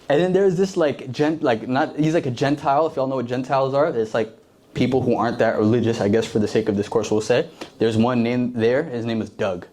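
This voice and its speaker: Slangy, animated young male preacher. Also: medium pitch, fairly quick. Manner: slangy and conversational, acts out the story characters. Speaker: youth preacher. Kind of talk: casual sermon.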